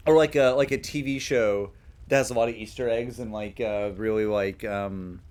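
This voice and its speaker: A man's voice: lowish voice, steady tone, normal speed, a little mellow. A young man chatting on a game stream, rambling and hesitant with lots of fillers. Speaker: stream guest. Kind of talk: casual stream chat.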